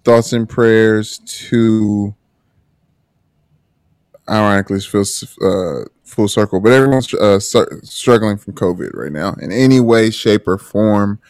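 A man with a lowish voice and dry, close sound talks on a podcast. He is earnest and halting, restarting his phrases and repeating words as he goes. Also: darkish tone, dry recording. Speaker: podcast co-host. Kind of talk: casual chat.

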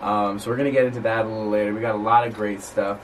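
A man's voice: on the low side, level tone, rapid-fire. Young male host, upbeat casual chat, recorded from across the room with faint noise. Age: young adult. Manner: upbeat, chatty, trailing off quietly. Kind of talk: casual live show chat. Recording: distant mic with room noise.

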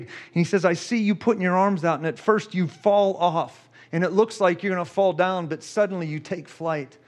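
A man preaching a sermon and telling a personal story, emotional and given to repeating himself. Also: high voice. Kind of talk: sermon testimony.

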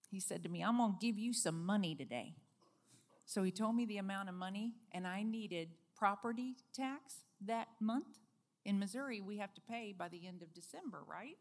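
A woman being interviewed, telling a personal faith story in a lively, earnest way. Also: mid-range voice. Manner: lively storyteller, acts out quoted speech; earnest, heartfelt. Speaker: guest.

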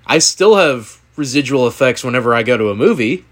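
Lively young man joking about sports. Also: medium pitch, brisk. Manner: animated, joking storyteller. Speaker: co-host. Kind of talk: casual sports podcast chat.

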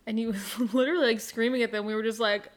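A woman's voice: on the high side, steady tone, fast. A young woman hosting a casual chat, telling a story with frequent laughs and lots of "like" fillers.

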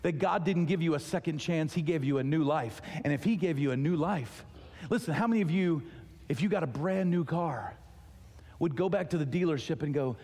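Animated preacher man in a reverberant hall. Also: a little high, brisk. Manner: animated storytelling, acting out dialogue. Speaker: pastor. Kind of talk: sermon. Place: church auditorium. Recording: long reverb of a large hall.

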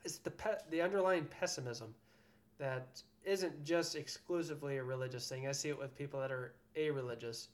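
A man's voice: mid-range voice, fairly quick. A man co-hosting a podcast in casual chat, frank and profane, prone to ranting. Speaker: podcast co-host.

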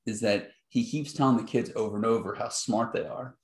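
A woman's voice: a bass voice, steady tone, a little fast, darkish tone, roomy sound. A woman co-hosting a podcast in casual chat about a children's show, laughing often and trying playful impressions. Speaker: podcast co-host.

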